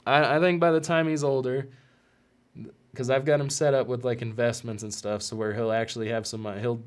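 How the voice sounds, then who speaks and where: Man, podcast host, earnest, emotional, halting, mid-pitched voice. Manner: earnest and emotional, often choked up. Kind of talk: heartfelt personal monologue.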